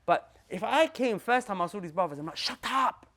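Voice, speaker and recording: A young man giving a lively talk to a group as a Muslim preacher, using slang, repeating himself and addressing his listeners directly. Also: high voice, brisk, a little hiss or hum.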